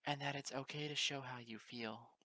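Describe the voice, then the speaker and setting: A man voicing a gentle, motherly mare pony who speaks softly and coaxingly. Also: medium pitch, steady tone, normal speed, no echo, voice pushed up, natural voice. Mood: soothing. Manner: soft, coaxing, calls others darling.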